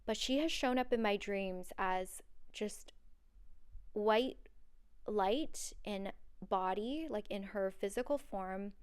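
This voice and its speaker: A woman's voice: medium pitch, takes it slowly, clear, resonant tone. A woman hosting a solo podcast, talking in an earnest, personal and rambling way with many fillers. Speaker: podcast host. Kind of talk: solo podcast monologue on dreams.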